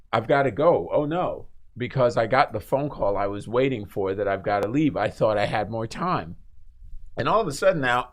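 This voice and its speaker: A man who is a guest on a radio talk show, telling stories in a lively way, laughing often and acting out the people in them. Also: medium pitch. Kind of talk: animated storytelling in a talk show.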